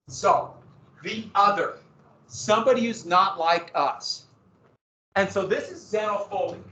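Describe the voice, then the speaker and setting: Man, history teacher, classroom lecture, lively and sarcastic, echoey room, faint background hum. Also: high-pitched. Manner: lively, sarcastic asides to students. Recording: echoey, distant, dull classroom recording.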